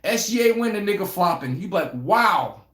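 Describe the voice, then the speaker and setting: A man with a high voice hosts a laid-back live sports stream, talking fast in a roomy space. He jokes and laughs his way through viewer comments, trading animated banter with chat.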